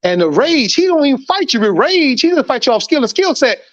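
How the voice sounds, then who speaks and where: A man's voice: extremely high pitch, big pitch swings, fairly quick, fairly bright tone. A man from Chicago in casual chat, telling stories in a profane, emphatic way with lots of repetition. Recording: muffled lo-fi recording.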